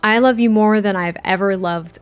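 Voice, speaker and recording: A woman's voice: mid-range voice, moderate pace, smooth, faint music behind, close to an everyday voice. A woman voicing Jane, a young mother who speaks heartfelt and sometimes teases dryly. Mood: tender. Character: young mother, warm and wry.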